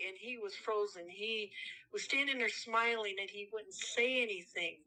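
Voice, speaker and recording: A woman being interviewed, telling her story in a halting, animated way with many restarts. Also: medium pitch, rough recording. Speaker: interview guest.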